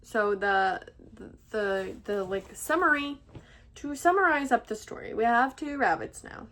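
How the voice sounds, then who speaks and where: A woman's voice: a little high, lively intonation, measured pace, a bit bright. A young woman vlogging at home, telling a rambling story to camera, full of fillers and restarts. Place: at home with pet rabbits.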